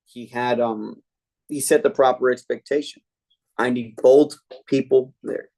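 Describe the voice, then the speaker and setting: A man leading a sales training meeting, telling a sales story with lively energy. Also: medium pitch, measured pace, creaky. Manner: energetic storytelling, acting out customer quotes. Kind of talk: team training talk.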